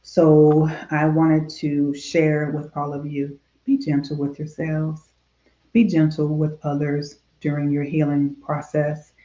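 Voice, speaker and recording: A woman minister giving a gentle devotional talk on grief straight to camera, soft and repetitive, with many fillers and prayerful pauses. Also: low-pitched, completely flat delivery, roomy sound, lo-fi sound.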